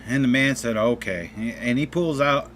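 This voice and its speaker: A man hosting a gaming channel, telling a joke in a relaxed, folksy way over gameplay. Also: mid-range voice, moderate pace, slight background noise. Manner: folksy, relaxed storytelling with restarts.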